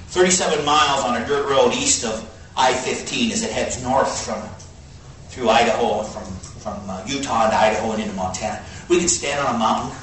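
An echoey hall and faint hiss surround this distant recording of a man preaching. He tells a folksy story with animation, alternating quiet low asides with high exclaims.

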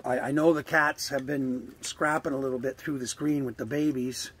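A man's voice: medium pitch, fairly even intonation, normal speed, a bit bright. An older man casually vlogging outdoors by a trailer near the woods, rambling and coaxing animals fondly, swearing now and then. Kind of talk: casual outdoor vlog narration.

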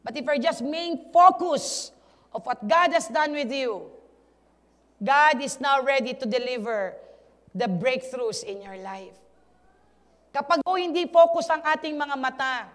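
A woman's voice: sits high, a bit bright, long reverb tail. A woman pastor with a Filipino accent, preaching a sermon and urging her congregation on. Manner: switches between Tagalog and English, urges the congregation, emphatic. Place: church hall.

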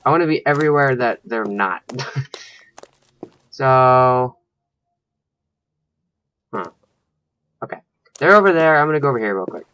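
A man's voice: mid-range voice, expressive, a little slow, pauses often, a bit bright, clean tone. A man giving let's play commentary, thinking aloud and swearing when startled. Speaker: gaming channel host.

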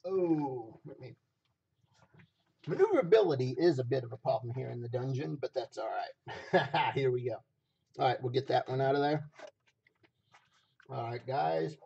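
A hoarse man running a live stream auction, repeating phrases as he hypes each item from a basement room. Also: medium pitch, lively intonation, moderate pace, pauses often, darkish tone, highs cut off.

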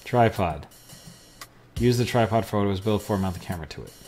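A man with a lowish voice plays through an adventure game for his podcast. He mutters commands to himself and reads the game's text aloud in a casual way. He drops dry, amused asides. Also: a little fast, darkish tone, soft background music. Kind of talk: casual let's-play commentary and reading game text aloud.

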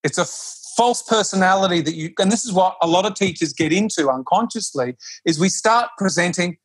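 A yoga teacher appears as a podcast guest in a reflective, conversational interview, speaking earnestly and often restarting his sentences. His voice sits high and husky, moving a little fast with few pauses, and there's no echo.

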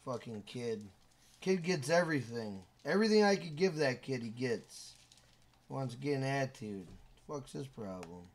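A man live-streaming a video game, loud and casual, swearing often and scolding his son between comments to the chat. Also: medium pitch, expressive, moderate pace, slight background noise. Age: adult with a school-age son.

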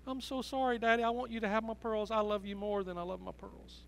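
A man voicing a six-year-old girl who is devoted to her pearls, speaking softly and pleadingly. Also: medium pitch, brisk, a little hiss or hum, lightly acted, low-quality recording. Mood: tearful. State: crying.

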